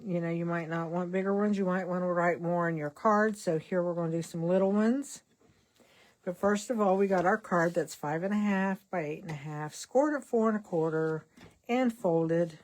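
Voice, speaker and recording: Her voice is fairly low with a darkish tone: an older woman hosting a casual card-making vlog. She rambles conversationally while working and drops in self-deprecating asides.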